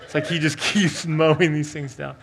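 Male pastor, storytelling sermon, fairly high voice. Animated, loud to hushed and earnest. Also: moderate pace, vocal fry, a little hiss or hum. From Oklahoma.

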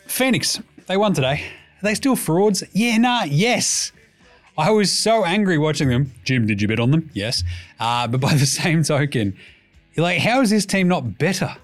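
Australian male host, animated delivery, profane and jokey, with soft music underneath. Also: a little high. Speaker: podcast host. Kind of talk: casual sports commentary.

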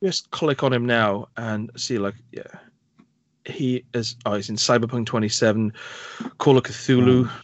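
A man co-hosting a film podcast, recapping films with animated delivery and laughter. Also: medium pitch, a little slow, no room sound, lo-fi sound. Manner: animated, laughs and acts out scenes. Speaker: podcast co-host. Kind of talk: casual film review chat.

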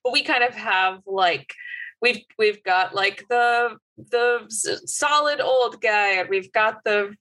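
Woman, bright sharp voice, casual chat, rambling, heavy "like" filler. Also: on the high side, slow pace, rough recording. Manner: rambling, lots of "like".

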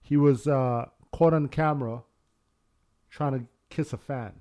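A man of middle pitch hosting a casual podcast among friends. He leads the talk with playful, prodding questions and a relaxed delivery. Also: measured pace, lo-fi sound. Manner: teasing, steering questions. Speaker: podcast host. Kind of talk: casual chat.

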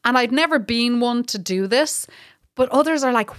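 A middle-aged Irish woman, a guest comedian, chatting casually on a podcast and telling animated stories with frequent laughter. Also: on the high side, moderate pace, no echo, studio quality. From Ireland. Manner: animated storytelling, laughing often.

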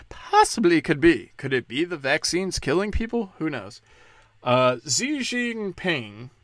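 A man's voice: mid-range voice, a bit bright, no echo. Male podcast host, mid-range voice, profane and sarcastic, loose rambling delivery, dry close sound. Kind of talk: casual rambling monologue.

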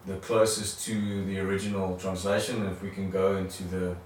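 A man's voice: deep voice, level tone, brisk, a little mellow, slight background noise. A man sharing in a church study group, hesitant, often restarting and repeating words. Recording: very echoey room from far off.

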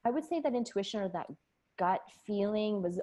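A woman's voice: mid-range voice, expressive, brisk, mellow. A woman in her forties, a nurse and podcast guest, telling her story candidly and with feeling in a casual interview. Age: 40s. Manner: candid, emotional, laughs often.

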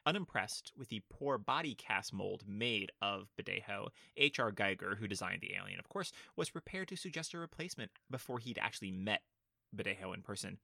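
A man co-hosting a podcast in casual chat, playful and quick to laugh. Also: fairly low pitch, animated, creaky, bright, forceful tone, no room sound, clean studio sound. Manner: playful, laughs often, slips into silly put-on voices. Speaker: podcast co-host.

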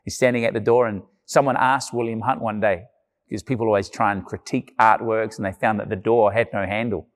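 A man's voice: fairly low pitch, fairly even intonation, brisk. A man preaching a sermon in an earnest, conversational way, with emphatic repeated phrases. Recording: long church-hall reverb.

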